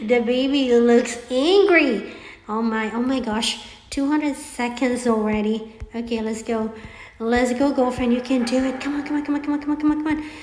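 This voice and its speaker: A woman giving chatty, excitable commentary while playing a game, talking to herself and her viewers. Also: on the high side, background noise. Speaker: gameplay streamer. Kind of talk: live gameplay commentary. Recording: echoey room with long reverb.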